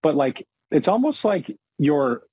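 A man's voice: on the high side, sing-song, a little slow, mellow, slightly rough, no room sound. A man speaking as a podcast guest, a retirement planner explaining with self-deprecating asides. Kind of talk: conversational podcast interview.

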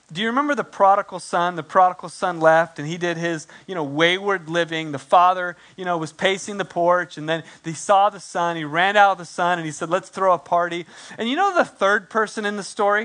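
A male pastor preaching a sermon in a conversational way, slipping quick acted asides into his telling. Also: sits high, a bit bright.

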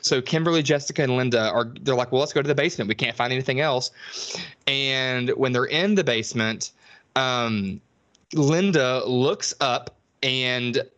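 A man co-hosting a podcast, recapping a film in casual chat, animated and sweary, acting out the characters in high voices. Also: moderate pace, dull audio. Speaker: podcast co-host.

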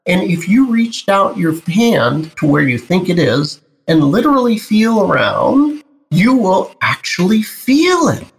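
A male spiritual teacher, a guest in an interview, explaining slowly and deliberately and speaking straight to the host. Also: high-pitched, big pitch swings, creaky.

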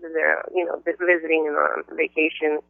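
A woman on a phone line telling a personal testimony in an animated storytelling way. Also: sits low, moderate pace, creaky, no room sound. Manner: animated, acts out quotes in a raised voice.

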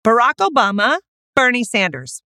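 A woman co-hosting a podcast in casual, giggly chat. Her voice is bright and forceful, with frequent laughs and high exclamations. The recording is dry and close. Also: big pitch swings, moderate pace, no echo. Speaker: podcast co-host.

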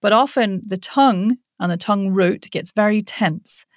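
A woman, a voice coach demonstrating vocal warm-ups in a playful, laughing coaching tone. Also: mid-range voice, moderate pace, no room sound, clean studio sound. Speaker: voice coach guest.

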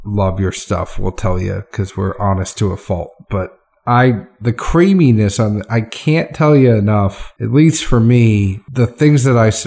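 A man's voice: fairly low pitch, mellow. A man co-hosting a casual whiskey tasting, describing flavors in a chatty way with restarts.

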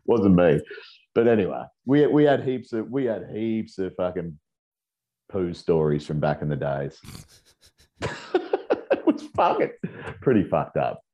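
A man's voice: low voice, sing-song, unhurried, long pauses, warm tone, muffled recording. A middle-aged Australian man telling rambling, profane stories in a casual chat, laughing as he goes. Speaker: guest.

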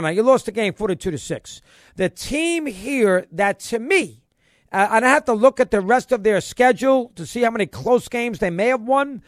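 A male sports radio host giving an emphatic, excitable opinion monologue and hammering his points through repetition. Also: high voice, dry recording.

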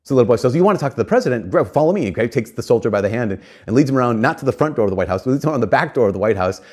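This man races through an earnest, lively sermon at medium pitch, weaving a story with casual asides. He keeps repeating and restarting his phrases.

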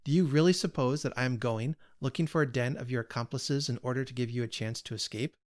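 A man reading aloud, voicing a dry, stubborn gentleman homeowner who answers curtly and sardonically. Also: mid-range voice, fast, no echo, lightly acted. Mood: exasperated.

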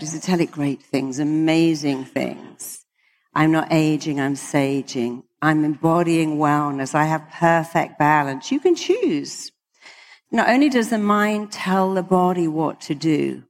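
A woman's voice: low-pitched, long reverb tail. A British woman, a hypnotherapist, giving an emphatic motivational talk to a live audience and acting out the people she quotes. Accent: British English. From Britain.

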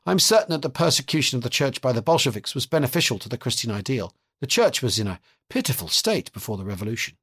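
A man reading aloud voices a strange, ageless male holy fool who speaks in a mournful, sing-song and earnest manner, with a husky tone. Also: medium pitch, sing-song, fast, few pauses, fairly bright tone, exaggerated voice.

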